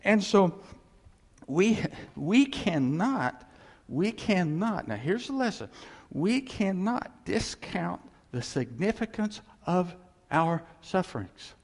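Preacher, male, lively swooping delivery, slightly high voice; long reverb. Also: slow, vocal fry, breathy edge. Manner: animated preaching, conversational asides. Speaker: pastor. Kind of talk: sermon.

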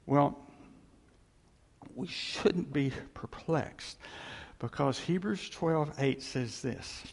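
A man preaching a sermon as pastor, animated and conversational, with folksy asides to the congregation. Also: on the high side, extremely slow, vocal fry, long pauses, husky, in a large hall.

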